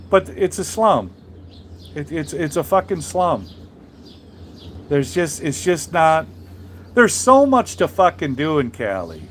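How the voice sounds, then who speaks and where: Trucker guy on a live stream, swears a lot, rambles and restarts, faint noise in the background. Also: fairly high pitch. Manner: blunt and profane, rambling with many restarts. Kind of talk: casual live-stream chat reading viewer comments.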